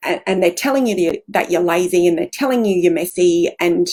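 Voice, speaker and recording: A woman's voice: fairly low pitch, brisk, few pauses, a little mellow. A middle-aged woman hosting a casual live-stream talk about parenting, explaining earnestly and acting out little examples.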